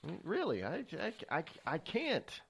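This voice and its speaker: Male radio host, solo monologue, rambling and stammery, lively pitch that swings up and down. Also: moderate pace, creaky, husky. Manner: rambling, with frequent restarts and stammers; animated, emphatic delivery.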